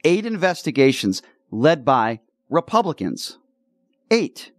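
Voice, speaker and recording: A man's voice: medium pitch, expressive, fairly quick, dry recording, clean studio sound. A man hosting a talk radio show, argumentative and emphatic in his commentary.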